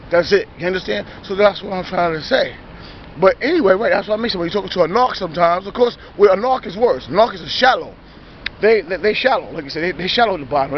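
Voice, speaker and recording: A man with a notably high voice delivers a loose, rambling sermon, circling back to the same points and checking in with listeners again and again. His sentences restart and correct themselves. The recording is dull and lo-fi, with a faint hum of noise behind him. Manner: repetitive, emphatic, keeps asking "you understand?". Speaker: lay preacher. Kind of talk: informal spoken preaching.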